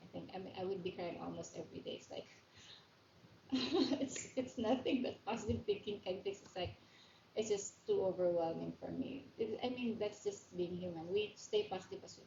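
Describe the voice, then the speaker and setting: A woman with a Filipino accent hosts a live stream from home, sharing personal stories in a candid, confiding way. She laughs easily and drops Tagalog words into her English. Her voice sits at a middling pitch and carries some room echo, with a slightly dull sound and faint noise behind. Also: expressive, moderate pace, creaky, mellow. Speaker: livestream host.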